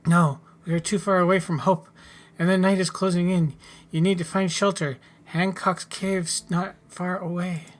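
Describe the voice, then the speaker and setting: A man plays a hurt pioneer mother with a British accent, comforting and brave even while bleeding. Her voice sits higher than his usual one and stays soft and earnest. It is spoken over a video game. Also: normal speed, lightly acted. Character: wounded frontier mother, British-accented, tender.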